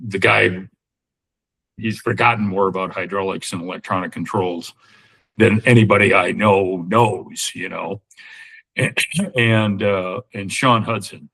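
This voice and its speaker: Husky low-voiced man in his sixties. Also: fairly bright tone, poor audio. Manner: rambling, full of fillers and restarts. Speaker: podcast guest. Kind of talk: casual interview talk.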